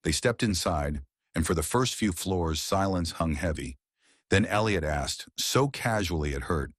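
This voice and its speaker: Deep, husky male story narrator. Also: expressive, unhurried, no echo, clean studio sound. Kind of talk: scripted audiobook narration.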